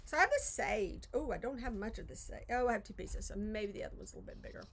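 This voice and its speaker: A woman's voice: medium pitch, expressive, quick pace, a little hiss or hum. A woman, chatting casually on a craft livestream, rambling and self-deprecating, often trailing off mid-thought. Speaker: crafting vlogger. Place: home craft studio.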